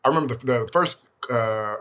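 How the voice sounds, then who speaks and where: A man's voice: medium pitch, moderate pace, pushed and bright. A man hosting a podcast conversation, hesitant as he restarts and rephrases his questions.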